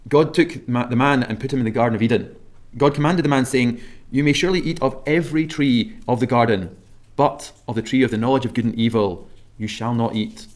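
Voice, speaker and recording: A man with a Scottish accent preaching a sermon, measured and emphatic, slowing down to stress key words. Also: medium pitch.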